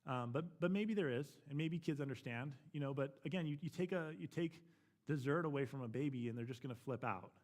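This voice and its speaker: A man's voice: mid-range voice, a little fast, a little mellow. A man teaching a church parenting class, talking frankly and matter-of-factly, often checking in with "right?".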